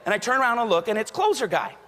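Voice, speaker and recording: A man's voice: high voice, sing-song, racing, bright, forceful tone, in a large hall. A man giving a motivational keynote speech, telling stories and acting out the voices of the people in them. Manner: storytelling, acts out quoted voices. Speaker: keynote speaker.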